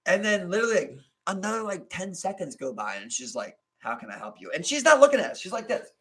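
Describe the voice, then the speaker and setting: A man with a Baltimore accent chatting on a podcast, his voice sitting a little high. He tells stories in loose street slang and jumps into the voices of the people he is talking about. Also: fast, slightly rough. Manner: animated storyteller, slangy, acts out quotes. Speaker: podcast co-host. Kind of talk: casual chat.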